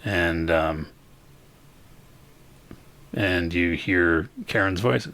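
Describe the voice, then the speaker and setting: A man narrating as game master of a tabletop game, describing scenes in a halting way with many fillers. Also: deep voice, fairly even intonation, a bit bright.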